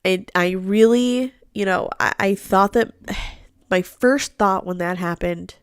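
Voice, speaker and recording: Swearing and laughing her way through a live true crime recap, a young woman speaks in a blunt, casual manner with a nasal, stuffed-up voice. She sits at medium pitch and talks slowly. It's a dry, clean studio recording.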